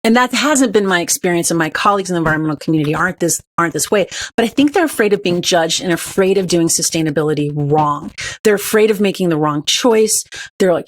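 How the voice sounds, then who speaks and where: A woman's voice: on the low side, expressive, fast. A woman, a podcast guest and author, telling stories in an earnest, upbeat conversational way. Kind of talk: conversational interview.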